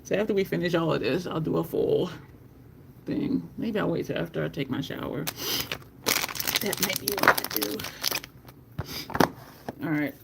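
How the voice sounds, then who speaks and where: Gravelly chatty beauty streamer. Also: mid-range voice, normal speed, pauses often, background noise. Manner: chatty, laughs often, talks to viewers in chat. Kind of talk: casual live-stream chat while swatching makeup.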